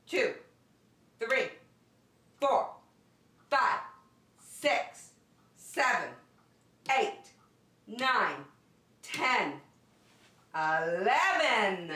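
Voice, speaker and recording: A preschool teacher with a slightly high, bright voice and a forceful tone leads an online circle time for young children from her home. Her cheerful, sing-song teacher talk sounds distant and off-mic in an echoey room.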